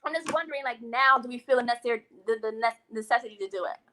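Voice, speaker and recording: Woman host, high voice, sassy, animated, casual live-stream chat. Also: very fast, a little hiss or hum, rough recording. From West Indian, living in Brooklyn. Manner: animated, sassy, laughs often, addresses viewers as y'all. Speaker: host of a live eating show.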